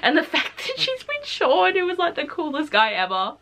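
A woman's voice: high voice, normal speed. A young woman gushing about a book in a casual review vlog, full of "like" and laughs. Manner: gushing and excitable, peppered with "like".

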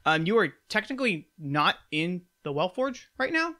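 A man's voice: high voice, sing-song, moderate pace, pushed and bright. A man narrating a tabletop game as game master, casual and full of fillers.

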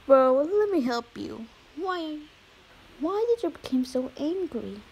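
Woman as gentle male therapist doctor, reassuring, unhurried, homemade toy skit. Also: high voice, big pitch swings, voice pushed up, full character voice, rough recording.

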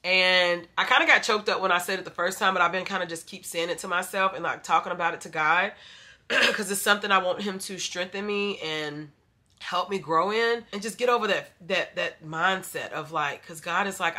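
A woman's voice: on the low side, fairly quick, sharp tone. A young adult woman chatting casually to her viewers about faith and her plans, calling them "y'all" and sounding a little stuffy from allergies. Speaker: vlogger. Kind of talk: casual faith vlog chat.

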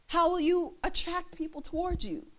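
A young woman minister preaches in a church with bright, high pitch and lively energy. She laughs often and slips into bits of song as she goes. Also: moderate pace, a little hiss or hum. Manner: animated, laughing, breaks into singing. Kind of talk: sermon.

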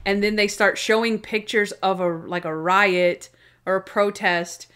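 A woman co-hosting a casual podcast, chatting about favorite TV scenes. She tells them in an animated way and slips into the characters' voices for the quoted lines. Her pitch sits in a middle range. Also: a little slow, clean tone. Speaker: podcast co-host. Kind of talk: casual chat recapping TV episodes.

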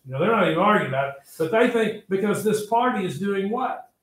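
A man lecturing a history class, talking with a slightly high voice. He tells the story with lively asides and keeps reminding students to take notes. The classroom around him is echoey. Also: fast talker. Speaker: history teacher.

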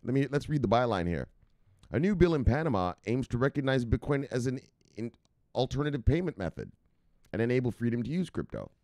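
A brash, profane man talks straight to his viewers in casual solo commentary. His pitch swings all over the place, and he chuckles as he goes. The recording is dry and close, with no room sound. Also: very animated, brisk, darkish tone, no room sound. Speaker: host of a crypto news channel.

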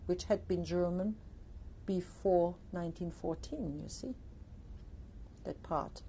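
Older woman, mellow voice. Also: fairly low pitch, slow, slight background noise. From Alsace, France. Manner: reflective, explanatory, frequent "you see" and "uh". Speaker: interviewee. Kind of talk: recorded testimony interview.

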